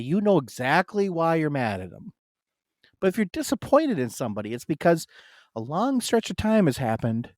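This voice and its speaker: A man's voice: a little high, no echo, clean studio sound. A man in casual podcast chat, telling a long personal story with many fillers and asides. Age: adult, married. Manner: rambling and storytelling, full of "like" fillers.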